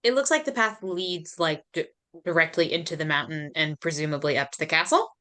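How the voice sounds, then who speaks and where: Bright, hesitant woman player. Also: sits low, brisk. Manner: hesitant, full of fillers. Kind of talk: casual tabletop play.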